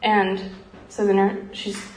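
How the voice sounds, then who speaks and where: A woman earnestly telling a missionary story in a heartfelt talk, often pausing with "um" and growing emotional. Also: mid-range voice, completely flat delivery, a little mellow. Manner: earnest, frequent ums, grows emotional. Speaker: speaker sharing a missionary story. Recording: roomy echo, faint background noise.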